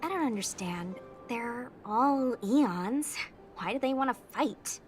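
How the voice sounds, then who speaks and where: A woman's voice: fairly high pitch, expressive, takes it slowly, faint music behind. An actress playing a frank, slightly naive young woman soldier who speaks bluntly and gets a little flustered, in a game cutscene. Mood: curious. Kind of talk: video game cutscene dialogue.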